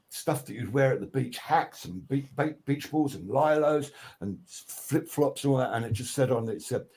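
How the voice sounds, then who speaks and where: An older man, a guest record producer telling casual studio anecdotes, swearing freely, restarting his sentences and acting out what people said. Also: medium pitch. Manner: animated, swears freely, acts out quotes; many restarts and fillers.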